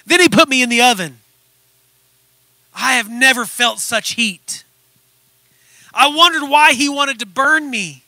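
A man's voice: very high-pitched, measured pace, pauses often, bright, forceful tone, no room sound, voice pushed up, heavily acted. A man voicing a suffering male teacup that recalls being shaped and fired, telling it in a pleading, dramatic way. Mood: anguished.

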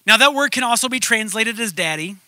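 A man's voice: sits high, animated, a little fast, sharp tone, no room sound. A male pastor preaching a sermon in a conversational way that builds to emphatic points.

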